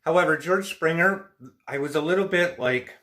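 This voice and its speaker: A man's voice: fairly high pitch, normal speed, pushed and bright. A man hosting a casual livestream chat, talking in a rambling, opinionated, frustrated way, with a stuffy nose from allergies. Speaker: livestream host.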